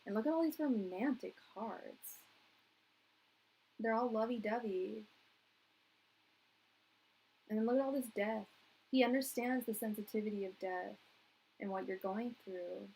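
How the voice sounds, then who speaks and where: Gravelly-voiced young woman reading tarot. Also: mid-range voice, unhurried, long pauses, a little mellow, low-quality recording. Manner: chatty and emotional, laughing often. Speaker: tarot reader. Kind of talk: live-stream tarot reading.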